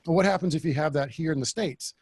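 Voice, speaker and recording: A man hosting a podcast interview, talking bluntly and casually and thinking out loud. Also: a little high, quick pace, slightly rough, dry recording. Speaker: podcast host.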